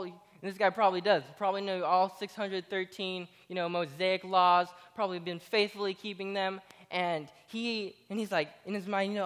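Halting young man preaching in a reverberant hall. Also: sits high, a bit bright. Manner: halting, with many fillers and restarts, jokey retelling. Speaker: speaker giving a Bible talk. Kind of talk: casual sermon.

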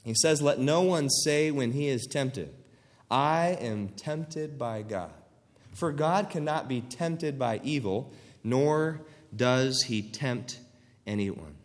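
A man's voice: medium pitch, expressive, slow, long reverb tail. A man preaching a sermon, earnestly reading scripture and acting out quoted voices for emphasis.

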